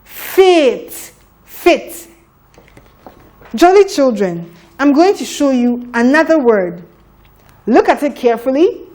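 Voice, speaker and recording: A woman teaching a children's phonics lesson, sounding out letters slowly and deliberately. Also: high voice, sing-song, mellow.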